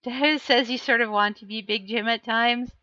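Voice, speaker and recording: A woman's voice: on the high side, fairly even intonation, moderate pace, sharp tone, no echo, muffled recording. A woman live streaming as she paints miniatures, chatting casually and self-deprecatingly while answering her chat.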